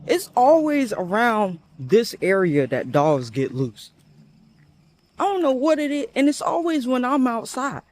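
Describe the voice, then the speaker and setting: Young male vlogger, animated and chatty, high voice, recorded while walking outdoors. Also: measured pace. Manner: animated, chatty, jumpy and nervous. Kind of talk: casual story-time vlog.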